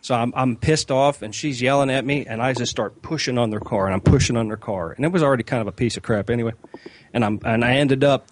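A man's voice: mid-range voice, fast, a little hiss or hum. A man on a comedy podcast, casually telling a profane anecdote and acting out quotes along the way. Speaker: regular podcast panelist.

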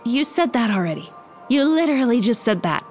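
An actress playing an earnest, exasperated young woman trapped in a magic bag, quick to protest. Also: a little high, big pitch swings, a little mellow, faint music behind.

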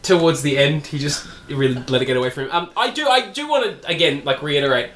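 Fast, lively, bright-voiced man. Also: on the high side, echoey room. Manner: quick, animated, jokey. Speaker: podcast co-host. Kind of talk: casual comedy podcast chat.

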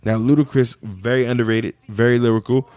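A man's voice: medium pitch, fairly even intonation, brisk, darkish tone, dry recording. A man from the Bronx in a casual debate, insistent, repeating short phrases while he makes his point. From the Bronx, New York.

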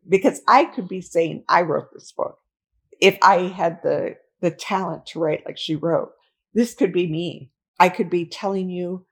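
A woman's voice: lowish voice, slightly rough, rough recording. A woman co-hosting a podcast, chatting earnestly about a book and often restarting her sentences. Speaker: podcast co-host. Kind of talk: casual book club chat.

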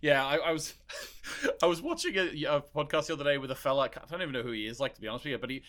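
Guy rambling on a podcast, swears a lot, bright tense voice. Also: fairly high pitch, animated, rapid-fire. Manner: rambling, swears freely, many restarts. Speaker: podcast co-host. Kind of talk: casual chat.

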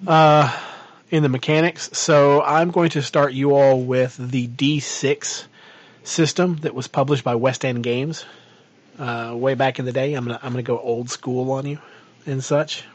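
A man's voice: medium pitch, no room sound. A man co-hosting a casual podcast chat, rambling with many fillers and restarts as he plans a tabletop game. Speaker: podcast co-host and game master.

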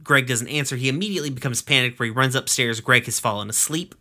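Guy on a podcast recapping a cartoon, super bright voice, swears a lot, laid back. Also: medium pitch. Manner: swearing, jokey recap with quick acted quotes. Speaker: podcast host recapping an episode. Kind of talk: casual chat.

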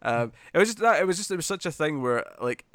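A man's voice: a little high, animated, fast, fairly bright tone, no echo, studio quality. A man chatting casually as a podcast co-host, laughing and acting out characters' lines as he recaps an episode.

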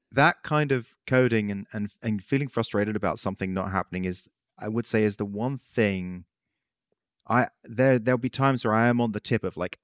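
A man co-hosting a podcast in casual chat, talking in a relaxed, rambling way with halting restarts. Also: fairly low pitch, dry recording, clean studio sound. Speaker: podcast co-host.

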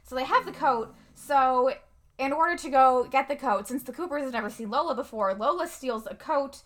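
A woman's voice: high-pitched, normal speed, fairly bright tone. A woman casually recapping a movie plot as a podcast co-host, chatty, with many "um"s and frequent laughter.

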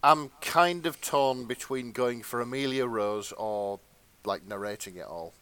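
A man's voice: mid-range voice, unhurried, fairly bright tone, clean tone. A man co-hosting a casual podcast chat, jokey and swearing casually. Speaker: podcast co-host.

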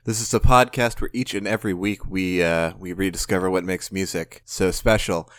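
A man co-hosting a casual podcast, talking in a relaxed, self-deprecating way with hesitant fillers. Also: low-pitched, normal speed, no echo, clean studio sound. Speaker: podcast co-host.

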